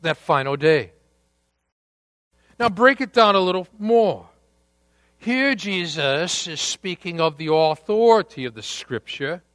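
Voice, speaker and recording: A man preaching a sermon, deliberate and emphatic, with dramatic pauses. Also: sits high, expressive, a bit bright, no echo. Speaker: pastor.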